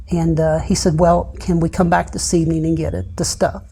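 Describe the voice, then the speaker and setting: A middle-aged man giving a personal testimony in an interview, retelling events haltingly with many pauses and often dropping soft and low. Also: little pitch movement, creaky, a little hiss or hum. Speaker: interview guest.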